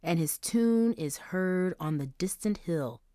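A woman voicing a big, gruff male teacher who recites a poem slowly and with feeling. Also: on the low side, expressive, dark tone, dry recording, clean studio sound. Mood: tender. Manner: slow, measured recitation.

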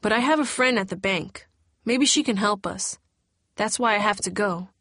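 A woman's voice: medium pitch, moderate pace, fairly bright tone, no echo, lightly acted. Weary, worried mother, hesitant, voiced by a woman narrator; dry read. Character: tired worried mother, flustered.

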